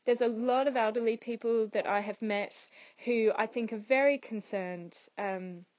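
A woman standing for a local council seat talks through the concerns of her community in an earnest, thoughtful manner. She often pauses with ums. The sound is dry and close, a little muffled. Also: fairly high pitch, dry recording. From Australia and England. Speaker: council candidate. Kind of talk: interview answers.

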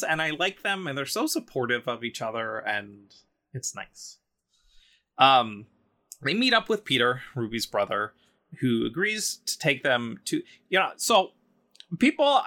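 A man talking casually on a podcast, retelling a story with frequent ums and likes. His voice has a bright, clear tone. He meanders and lightly acts out the characters' lines as he goes. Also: medium pitch. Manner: chatty, full of ums and likes, voices quotes loosely.

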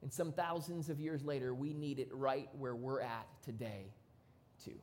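A pastor preaching a sermon in a church, casual and conversational, with sudden loud bursts. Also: mid-range voice, steady tone, moderate pace.

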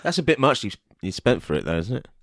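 A man's voice: medium pitch, big pitch swings, fast, a bit bright, dry recording, clean studio sound. A British man co-hosting a casual comedy podcast, crude, laughing a lot and going off on tangents. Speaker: podcast co-host.

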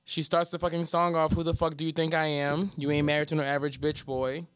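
A man co-hosting a casual podcast, animated and profane, breaking into sing-song quotes as he talks. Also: fairly high pitch, fast talker, clean tone, dry recording. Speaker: podcast co-host. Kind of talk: casual chat.

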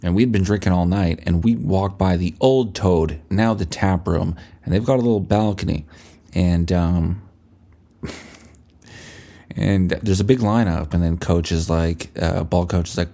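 A man's voice: low-pitched, moderate pace, mellow. A young man hosting a podcast, telling rambling, profane, self-mocking stories in a casual solo monologue. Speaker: podcast host.

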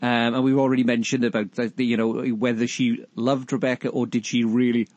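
A man's voice: mid-range voice, little pitch movement, brisk, a little mellow, no echo, highs cut off. A man hosting a podcast, discussing an old film in a thoughtful, hesitant way. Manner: thoughtful, hesitant, with many restarts and fillers. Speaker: podcast host.

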